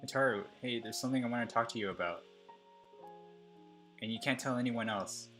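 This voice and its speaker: A man's voice: mid-range voice, fairly quick, fairly bright tone, soft background music, close to an everyday voice. A man voicing an anxious, kind schoolgirl who narrates her worries from a story game in a plain voice. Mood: uneasy.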